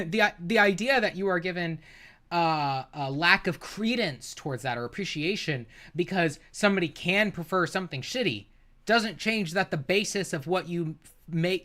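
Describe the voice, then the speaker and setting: A man's voice: high voice, bright, forceful tone. Heated, swearing male streamer arguing points. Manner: profane, argumentative, exasperated, often laughing. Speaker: streamer reacting to a debate. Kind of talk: heated livestream commentary.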